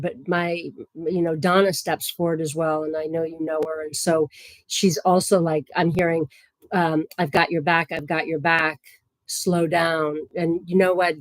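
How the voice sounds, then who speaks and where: A woman giving psychic readings on a livestream in a gentle, chatty way, with many fillers and soft laughs. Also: lowish voice, no room sound.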